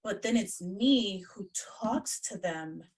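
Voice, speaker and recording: A woman's voice: mid-range voice, lively intonation, slow pace, a little mellow. A woman psychic medium chatting casually as a guest on a video call, blunt and swearing freely. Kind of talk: casual chat. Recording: distant from the mic.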